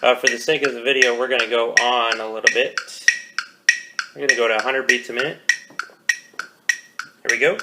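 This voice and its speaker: A male percussion teacher talks casually through a drum exercise, counting beats aloud. His voice has a gravelly edge. A loud background noise runs under the whole recording. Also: medium pitch, steady tone, normal speed, pauses often. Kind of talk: drum rudiment lesson, counting off.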